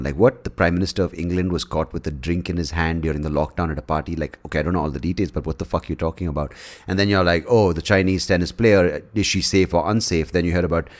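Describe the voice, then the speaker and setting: A man with a slightly low voice rambles through a solo podcast episode, talking casually and swearing often. He jumps between thoughts with plenty of restarts and an animated, offhand delivery. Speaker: podcast host.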